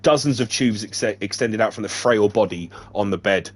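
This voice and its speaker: A man's voice: on the low side, moderate pace. A man reading a novel aloud on a stream, stumbling over words and breaking off for joking asides. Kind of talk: casual read-aloud with asides.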